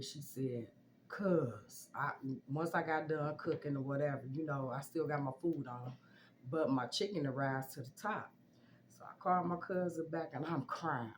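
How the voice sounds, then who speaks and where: Low-voiced woman telling a story. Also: a little slow, a little hiss or hum. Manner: animated, leaps high when quoting herself. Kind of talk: casual storytime.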